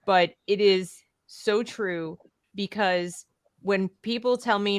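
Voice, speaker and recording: A woman hosting a panel discussion, effusive and chatty, thanking her guests warmly. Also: medium pitch, unhurried, smooth, no room sound. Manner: warm, effusive, chatty with fillers. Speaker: host.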